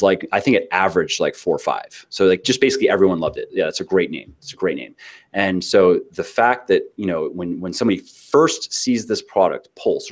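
Man, deep voice, casual interview guest, rambling, restarts a lot. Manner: rambling, frequent restarts and filler words, acts out quotes; casual, swears now and then. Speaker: interview guest, author and fitness business owner.

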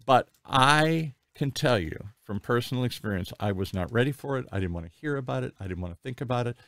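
A man in his sixties hosting an interview, telling personal stories in a candid, rambling, animated way. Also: mid-range voice, brisk, dry recording, studio quality. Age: 60s. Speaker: podcast host. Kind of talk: conversational interview.

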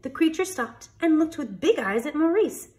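A woman reading a picture book aloud with an expressive storytelling delivery. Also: high-pitched, normal speed. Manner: expressive, animated read-aloud.

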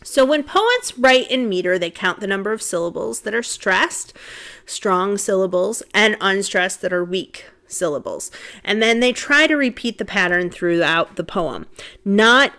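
Woman teacher talking through slides, chatty, lots of ums, counts stuff out loud, medium pitch. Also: lively intonation, unhurried. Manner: casual and conversational, thinking aloud, frequent ums, counting out beats. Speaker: literature instructor. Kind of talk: recorded lecture over slides.

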